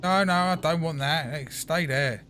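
A man commentating a video game as he plays, chatty and excitable, talking to the game as he goes. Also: on the high side, unhurried, a little hiss or hum. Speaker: gaming channel host. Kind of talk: gameplay commentary.

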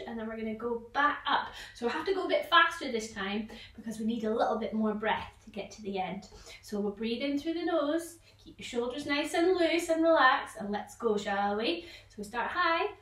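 Bright-voiced woman leading a vocal warm-up. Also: sits high, lively intonation, moderate pace, far from the mic. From Scotland. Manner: encouraging, leads sound games with sudden loud exclamations. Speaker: vocal tutor for children. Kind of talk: online vocal warm-up lesson. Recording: echoey room, voice a little off-mic.

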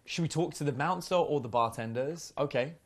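A man's voice: fairly high pitch, brisk. A man giving a casual dating seminar, chatty and full of fillers. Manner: chatty, uses many fillers and acted quotes. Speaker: dating coach.

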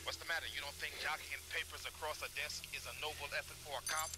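A man plays a gentle, regretful cop at a desk job. He speaks quietly and confessionally at a middle pitch. Clear music plays under him. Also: steady tone, quick pace, lightly acted. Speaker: cop in a film.

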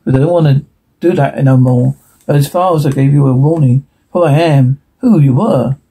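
A man reading a TV episode transcript aloud in a hurried way, stumbling and restarting words now and then. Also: medium pitch, dark tone, breathy edge, poor audio. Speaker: reader.

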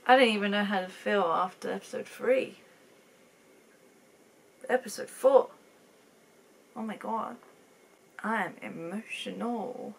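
A woman's voice: mid-range voice, unhurried, creaky, pauses often, a little hiss or hum. A woman hosting a casual reaction and review video, talking emotionally and exclaiming often. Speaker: reaction channel host.

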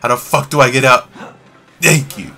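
A man doing let's play commentary on a horror game, swearing constantly in slang and yelling when he panics. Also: medium pitch, steady tone, normal speed, vocal fry, soft background music. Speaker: gamer playing a horror game.

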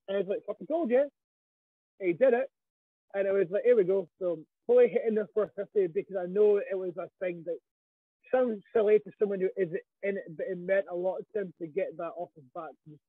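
A man with a Scottish accent telling stories as a guest in a casual interview, animated and swearing freely. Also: high-pitched, a little fast, breathy edge, dry recording. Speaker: wrestling guest. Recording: tinny phone-like line.

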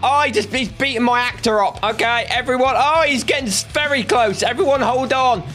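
High-voiced excitable man playing taxi driver. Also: fairly quick, soft background music. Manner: excitable, playful, frequent yelps and exclamations. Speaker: narrator and lead voice. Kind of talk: comedic game roleplay voiceover.

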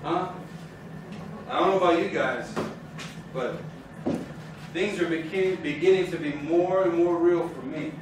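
A man's voice: fairly high pitch, measured pace, long pauses, noisy background. A man teaching a sermon before a congregation, fervent and building in intensity as he preaches. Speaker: Torah teacher. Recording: very echoey room, mic far off.

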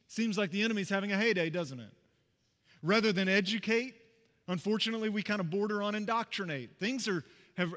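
A man preaching a sermon as pastor, telling a personal story in a conversational, animated way with asides to the congregation. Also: high voice, long reverb tail. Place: church sanctuary.

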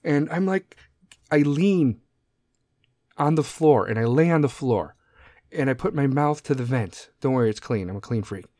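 A middle-aged man hosts his own podcast, talking alone in a loose, rambling rant full of swearing. His voice sits at an ordinary middle pitch. The sound is dry and close, with no room echo. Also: animated, normal speed, warm tone. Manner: profane, rambling, goes off on tangents. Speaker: podcast host. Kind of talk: casual solo podcast rant.

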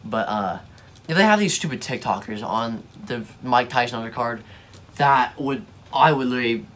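A man's voice: mid-range voice, lively intonation, moderate pace, a bit bright, a little hiss or hum. A young man giving casual reaction commentary, slangy, mocking and easily exasperated. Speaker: video reactor.

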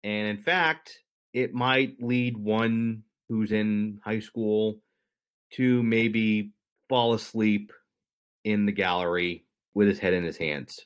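A man's voice: on the low side, fairly even intonation, slow, clean tone. A young adult man co-hosting a podcast, explaining at length in a rambling, self-correcting way with dry humor. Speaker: podcast co-host. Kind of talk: casual explanatory chat.

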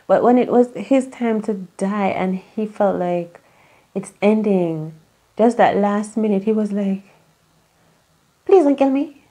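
A woman's voice: mid-range voice, a little slow, mellow. A woman giving a casual tarot reading in a rambling, chatty way, full of fillers and asides. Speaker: tarot reader.

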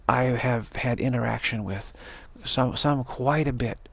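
A man in his sixties gives a rambling spiritual talk, with a gravelly, husky voice. He halts often, repeating words and restarting his sentences as he teaches. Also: mid-range voice, a little slow, a bit bright, dry recording. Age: 60s.

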